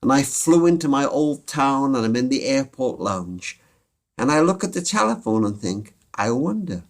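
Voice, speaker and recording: Lively storytelling man, animated pitch. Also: moderate pace. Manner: warm, dramatic storytelling with many voiced quotes. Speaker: guest storyteller. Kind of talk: podcast storytelling.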